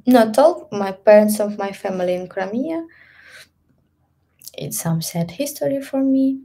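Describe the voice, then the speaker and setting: A woman with a Russian accent chatting casually on a live stream as a stretching coach, in halting English with soft whispered asides. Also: medium pitch, animated. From Ukraine.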